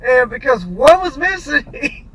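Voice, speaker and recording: A man's voice: very high voice, big pitch swings, unhurried. A man vlogging from his vehicle, telling a rambling, profane story with laughs along the way. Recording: loud road noise in the background.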